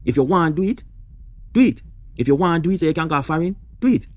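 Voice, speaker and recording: A man's voice: fairly high pitch, expressive, fast talker, no room sound. A man with a Jamaican accent giving passionate, rhetorical commentary, repeating his questions. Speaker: reaction host. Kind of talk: opinionated commentary.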